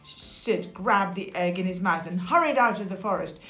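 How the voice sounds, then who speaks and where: A woman reading a children's picture book aloud, lively, with chatty asides. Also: lowish voice, normal speed, faint music behind. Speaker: storyteller. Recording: echoey room.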